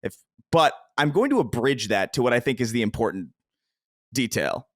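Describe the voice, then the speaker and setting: A man's voice: mid-range voice, lively intonation, moderate pace, no room sound. Rambling, laughing podcast co-host man. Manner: rambling, self-deprecating, laughs often. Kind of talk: casual chat. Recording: dry close mic.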